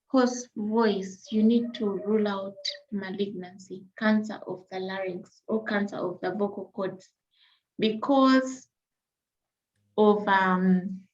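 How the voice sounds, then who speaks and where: Female medical lecturer, mid-pitched, patient explanatory delivery, muffled lo-fi recording. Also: steady tone, measured pace, darkish tone. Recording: dull lo-fi recording.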